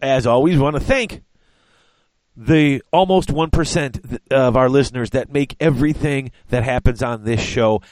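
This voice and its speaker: A man's voice: mid-range voice, moderate pace, a little mellow, no room sound. A man hosting a podcast in casual chat, rambling and stumbling over names. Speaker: podcast host.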